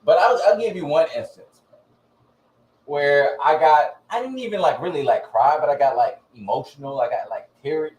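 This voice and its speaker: A man's voice: on the high side, normal speed, a little mellow. Man telling stories, echoey room. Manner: storytelling, mimics others in quotes. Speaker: podcast co-host. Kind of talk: casual podcast chat.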